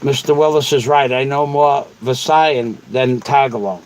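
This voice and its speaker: A man's voice: mid-range voice, moderate pace, a little hiss or hum, rough recording. A man hosting a casual livestream, rambling and repeating himself as he answers viewers. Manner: rambling and repetitive. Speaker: livestream host.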